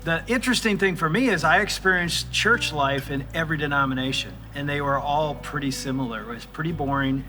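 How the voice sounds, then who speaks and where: A man in his sixties, a pastor, telling the story of his ministry in a casual, animated way. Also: fairly high pitch. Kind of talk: church service talk and testimony.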